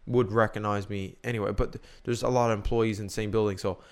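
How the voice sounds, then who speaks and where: A man's voice: on the low side, steady tone, fast. A young man co-hosting a podcast, chatting casually and rambling as he thinks aloud. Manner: rambling, restarts and muses aloud. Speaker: podcast co-host. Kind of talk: casual chat.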